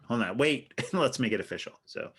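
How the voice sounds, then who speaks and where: A man's voice: medium pitch, lively intonation, a little fast, a bit bright, husky. A middle-aged man and father co-hosting a podcast in casual chat, playful and self-mocking, laughing often.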